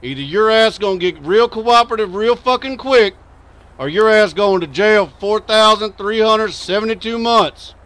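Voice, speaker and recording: A man's voice: high-pitched, moderate pace, fairly bright tone. A man playing a stern, profane state trooper in a game role-play, formal and lecturing. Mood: threatening. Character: stern, foul-mouthed male state trooper. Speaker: streamer playing a police officer.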